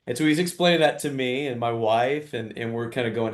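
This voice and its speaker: A middle-aged man, a father, telling a story in an interview with earnest warmth and acting out quoted dialogue. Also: mid-range voice, a little fast. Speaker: guest, father.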